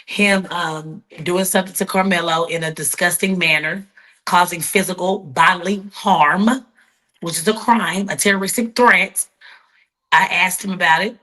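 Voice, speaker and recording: A woman guest in an interview, telling her story bluntly and defiantly, with many quick restarts. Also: lowish voice, fairly even intonation, pushed and bright. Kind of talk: heated interview talk.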